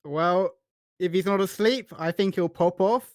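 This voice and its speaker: A man's voice: sits high, unhurried, no room sound. A man chatting casually as a guest, joking and laughing a lot. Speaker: guest team captain's teammate. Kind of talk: casual chat.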